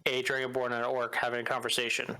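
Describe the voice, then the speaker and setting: Bright-voiced male game master. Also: medium pitch, monotone, quick pace, clean tone, low-quality recording. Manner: casual, with frequent fillers. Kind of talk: narrating a tabletop game.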